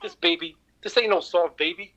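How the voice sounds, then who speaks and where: Podcast co-host, man, slightly high and bright voice, stammering, rambling, jokey, call-quality audio. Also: moderate pace, rough recording. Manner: rambling, stammering restarts, joking. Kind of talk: casual chat. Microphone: online call with cheap mic.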